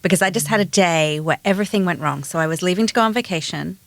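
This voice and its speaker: Lowish woman telling a story animatedly. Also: racing, creaky, no echo. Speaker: podcast co-host. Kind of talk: casual chat.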